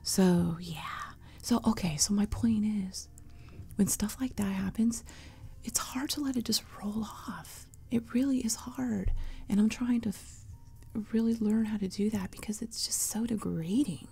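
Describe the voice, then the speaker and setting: Woman, soft-spoken ASMR storytelling, breathy whisper, mellow tone, close mic. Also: mid-range voice, measured pace. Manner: soft half-whispered, chatty and rambling. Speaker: ASMR channel host. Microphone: close sensitive mic for headphones.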